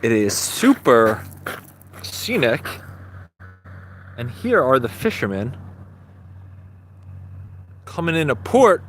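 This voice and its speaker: A man's voice: medium pitch, big pitch swings, a bit bright, slight background noise. A man giving a casual, chatty livestream tour outdoors in a small seaside village, talking into a handheld phone. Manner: unhurried, chatty, trailing off between phrases. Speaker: live-streaming travel vlogger.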